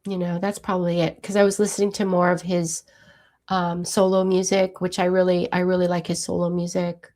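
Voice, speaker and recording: A woman in her sixties hosting a casual live chat, reading viewer comments aloud and answering them in a chatty way, with frequent fillers and soft laughs. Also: fairly low pitch, level tone, fairly quick. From Hawaii. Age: 60s. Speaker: livestream host.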